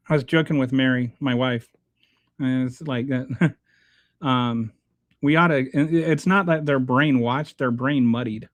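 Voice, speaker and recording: A man hosting his own show, reading viewer comments aloud and answering them in a halting, blunt, exasperated way, restarting his sentences often. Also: mid-range voice, no room sound. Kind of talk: casual unscripted commentary.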